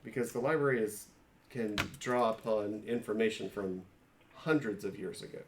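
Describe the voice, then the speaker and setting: A man's voice: lowish voice, moderate pace, background noise. A man playing a tabletop game, explaining his character at length with frequent restarts. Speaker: player. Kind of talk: casual chat about a tabletop game. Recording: echoey room.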